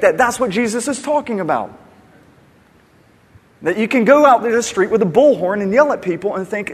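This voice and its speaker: A male pastor preaches in an emphatic, conversational way. His voice sits a little high and has a husky edge. A long reverb trails each phrase, as in a large hall. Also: lively intonation, moderate pace, long pauses. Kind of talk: conversational sermon.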